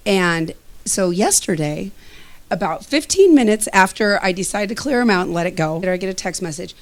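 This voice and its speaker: Animated middle-aged woman telling a personal story. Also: medium pitch, normal speed. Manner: animated, acts out both sides of conversations, laughs often. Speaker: student giving a testimonial.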